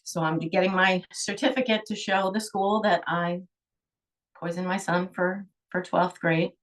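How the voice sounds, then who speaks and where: A woman's voice: fairly low pitch, steady tone, unhurried, far from the mic. A middle-aged woman, a holistic healer, telling a personal story in an emotional, rambling way, with sighs.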